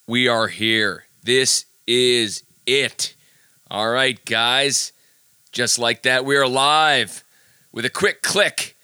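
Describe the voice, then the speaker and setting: Bright, chatty man hosting a podcast. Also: medium pitch, smooth, no echo, clean studio sound. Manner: chatty, jokey, self-deprecating. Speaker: podcast host. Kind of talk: casual podcast monologue with ad reads.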